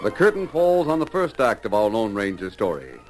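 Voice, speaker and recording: A male radio announcer with a formal, theatrical delivery. His pitch rises and falls broadly, and music plays clearly beneath his voice on the old broadcast. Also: sing-song, moderate pace, poor audio. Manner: formal, dramatic.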